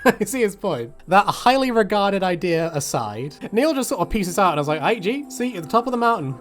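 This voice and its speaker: Chatty man with a fairly high voice. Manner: chatty, joking, swears freely, acts out characters. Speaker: gaming video host. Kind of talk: casual game commentary.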